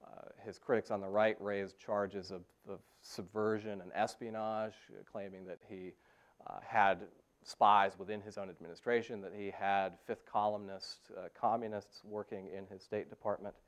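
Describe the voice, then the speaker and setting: A man giving a university history lecture, pausing often with "uh" fillers and restarting phrases. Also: on the low side, level tone. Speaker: history professor. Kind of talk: academic lecture.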